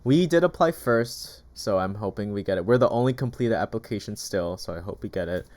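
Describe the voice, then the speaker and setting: A man's voice: lowish voice, expressive, fairly quick, darkish tone. A man in casual chat, telling stories with lots of "like" fillers. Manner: chatty storytelling, heavy use of "like". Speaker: gaming YouTuber. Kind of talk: casual chat while eating.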